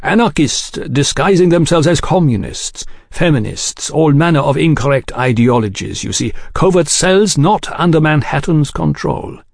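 A man's voice: a little high, animated, moderate pace, vocal fry, hardly any pauses, no echo, clean studio sound, voice pushed up. A man voicing a bitter, aggrieved exiled revolutionary who speaks insistently.

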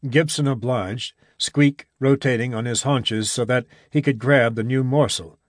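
A man narrating a story in a measured, even reading voice. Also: medium pitch, no room sound, clean studio sound. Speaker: audiobook narrator. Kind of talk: scripted narration.

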